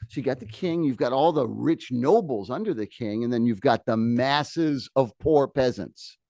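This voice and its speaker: A man teaching a history class, lecturing in a lively way with joking asides to his students in a classroom. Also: mid-range voice, normal speed, gravelly, no room sound, clean studio sound.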